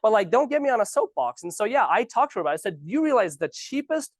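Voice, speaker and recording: Give me an animated, sarcastic man coaching new agents in a dry room. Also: sits high, fast, no room sound. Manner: animated, ranting, sarcastic asides. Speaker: real estate trainer. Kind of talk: casual training talk. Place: office training room.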